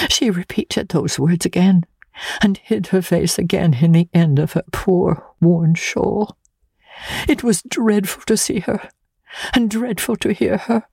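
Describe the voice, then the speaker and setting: A woman reads a classic novel aloud in the first person, grave and measured. Her delivery is slow, and the sound is close and dry. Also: on the low side, creaky, warm tone, breathy edge, no room sound. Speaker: audiobook narrator. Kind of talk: scripted narration of a classic novel.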